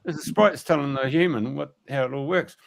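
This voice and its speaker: Male radio storyteller, rambling and colloquial, mid-pitched voice. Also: moderate pace, gravelly. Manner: colloquial, rambling, many fillers. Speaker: radio show speaker. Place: radio studio.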